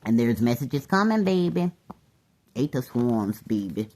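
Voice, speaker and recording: A woman giving a casual tarot reading to her viewers, animated, calling everyone "baby" and laughing often. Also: a bass voice, unhurried. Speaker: tarot reader.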